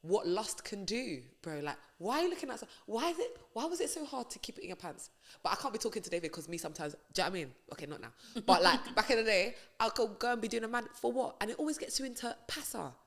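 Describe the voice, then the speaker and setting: A young woman, a radio presenter chatting as a podcast guest and telling stories in an animated, slangy way. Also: a little high, quick pace. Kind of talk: casual podcast chat.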